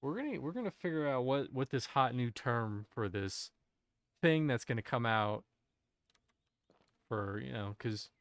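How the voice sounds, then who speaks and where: A man's voice: medium pitch, animated, measured pace, pauses often, fairly bright tone, clear, resonant tone, dry recording, clean studio sound. A man streaming a game, chatting casually to his viewers, musing aloud in a rambling way and often cutting himself off mid-thought. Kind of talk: casual live-stream chat while gaming.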